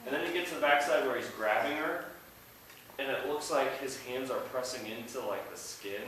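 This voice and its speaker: A man teaching an art class, playful, shouting mnemonic chants with his students. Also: mid-range voice, moderate pace, noisy background. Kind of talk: classroom lecture. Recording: echoey classroom from a distance.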